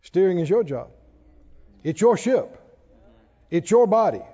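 A man preaching a sermon in a church, animated and playful, acting out worried voices and laughing along. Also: high voice, unhurried, husky. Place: church sanctuary. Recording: dull sound, long hall reverb.

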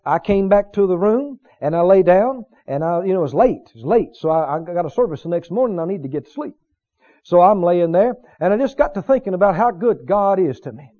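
A man from Mississippi, preaching a sermon in a fervent, repetitive way that climbs into shouts of praise. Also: high-pitched, muffled recording.

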